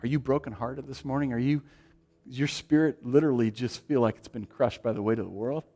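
A man preaching a sermon, swinging from loud, emphatic lines to hushed, quiet ones. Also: medium pitch, fairly quick. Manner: dynamic, shifting from loud to hushed. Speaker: pastor.

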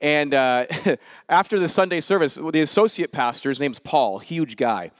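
A man preaching in church in a relaxed, joking way that builds into energetic preaching. His voice sits a little high. The sound is close and dry, with little room in it. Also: moderate pace, no room sound. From Denver area, US. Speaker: guest preacher. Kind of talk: sermon. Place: church sanctuary.

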